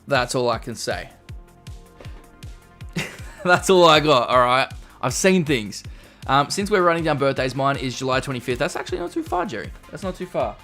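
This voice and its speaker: A man hosts a relaxed live stream. His chatty voice sits mid-range as he reads viewer comments aloud and reacts to them. Faint music plays softly behind him. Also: mid-range voice, normal speed, long pauses. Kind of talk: casual live-stream chat. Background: faint background music.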